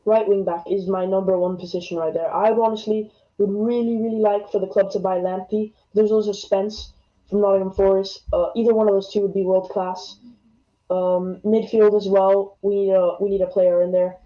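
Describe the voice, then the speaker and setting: A teenage American boy with a slight English twang calls in, earnest and full of hesitant ums. His voice is mellow and warm. The call audio sounds dull and lo-fi. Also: high voice, little pitch movement, moderate pace. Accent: American with some English twang. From United States. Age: teens. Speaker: caller. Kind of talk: football opinion call-in.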